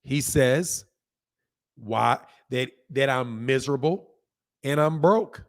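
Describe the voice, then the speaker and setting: A man with a hoarse voice hosting a casual boxing livestream, talking straight to viewers, repeating points and reading out chat comments. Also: mid-range voice, slow pace. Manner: talks straight to viewers, repeats himself for emphasis. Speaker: boxing channel host.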